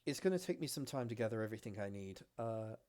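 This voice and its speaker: A man's voice: lowish voice, normal speed, darkish tone, close to an everyday voice. A man voicing a polite young elf girl scholar.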